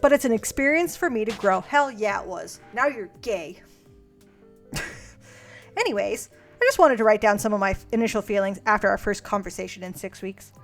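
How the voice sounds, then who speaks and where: A woman's voice: medium pitch, fairly quick, vocal fry. A young woman streaming, casually reading her old letters aloud and mocking her past self, swearing freely. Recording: faint music behind.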